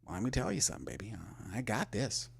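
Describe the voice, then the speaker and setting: A man putting on a smooth-talking team boss who murmurs low and hushed, self-assured and drawn out, with a lowish voice. the voice moves up and down a little. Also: very animated, fast, exaggerated voice. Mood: smug.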